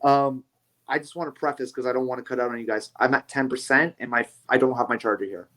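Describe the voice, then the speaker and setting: Brief: male podcast guest, pro wrestler, lively casual storyteller, mid pitch. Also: fast talker. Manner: animated storyteller, swears lightly. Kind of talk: casual chat.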